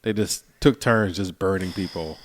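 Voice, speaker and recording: A man's voice: low voice, moderate pace. A man from Philadelphia co-hosting a podcast in casual chat, jokey and slangy. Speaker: podcast co-host.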